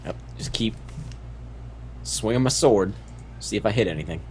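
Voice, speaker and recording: A man's voice: on the low side, animated, normal speed, darkish tone, a little hiss or hum. A man playing a tabletop game, calling out rolls in a matter-of-fact way. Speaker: player. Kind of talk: tabletop role-play.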